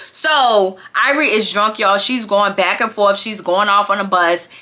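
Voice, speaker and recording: A young woman with a bright, forward voice tells the story in a lively, gossipy way, talking straight to her viewers. Her delivery is casual and chatty, with the rhythm of a friend catching you up. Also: medium pitch. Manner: animated gossipy storytelling, addresses viewers as y'all. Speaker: vlogger recapping a reality show.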